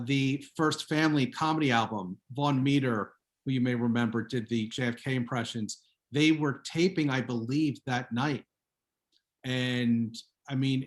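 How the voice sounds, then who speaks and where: Chatty man on a video call. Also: medium pitch. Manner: chatty, anecdotal. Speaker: guest author. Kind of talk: casual Zoom talk.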